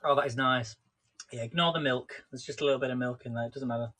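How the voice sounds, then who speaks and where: A man's voice: mid-range voice, fast talker, pushed and bright. A man casually chatting through a live cooking stream, rambling and talking to viewers by name. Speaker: livestream host.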